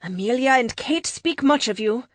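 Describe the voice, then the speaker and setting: A kind, humble policewoman speaks in careful, formal phrasing, as a woman voices her. Her voice sits a little higher than the narration, close and dry. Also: animated, normal speed, no room sound. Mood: polite. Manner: polite and formal.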